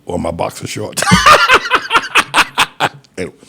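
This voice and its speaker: A man's voice: low voice, steady tone, measured pace, vocal fry, background noise. A man, a pastor, rambling through a folksy commentary monologue with chuckling asides.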